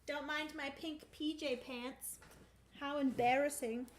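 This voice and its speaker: A woman's voice: high-pitched, fairly even intonation, slow, a little hiss or hum. A woman casually narrating her solo board game playthrough on a livestream, bubbly and playful, talking through each move. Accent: playful put-on country twang.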